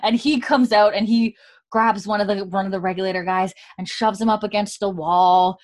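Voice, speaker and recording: A woman's voice: medium pitch, fairly even intonation, moderate pace. A woman hosting a casual podcast, telling the plot in a loose, chatty way full of "like" and the odd swear word. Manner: chatty storyteller, retells scenes with lots of "like" and swearing. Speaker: podcast host. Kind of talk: casual recap chat.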